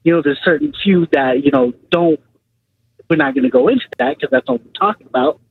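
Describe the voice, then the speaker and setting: A man's voice: a little high, very animated, brisk, gravelly, slightly rough, no room sound. A man calling in to a radio show, making his points earnestly and repeating himself. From California. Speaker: caller. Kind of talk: call-in radio talk. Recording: tinny phone line.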